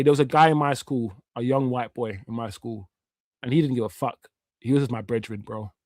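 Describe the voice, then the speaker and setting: A man's voice: medium pitch, no room sound. A man, hosting a live watch-along stream in a heated, slang-filled rant that often swears. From Jamaica. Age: 50s.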